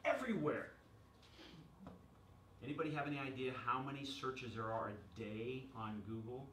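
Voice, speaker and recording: A man giving a lively workshop presentation to a room, joking and quizzing the audience. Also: mid-range voice, normal speed, a little hiss or hum. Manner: energetic, jokey, asks the audience questions. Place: chamber of commerce meeting room. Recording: echoey room recorded from far off.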